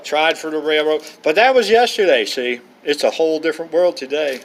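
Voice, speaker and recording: A middle-aged man spins loose, meandering yarns from a campsite, slipping in asides and frequent uhs. His voice sits a touch higher than most men's. He keeps it casual and colloquial. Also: fairly quick, rough recording. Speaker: vlogger. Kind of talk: rambling personal storytelling. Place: outdoors at a campsite.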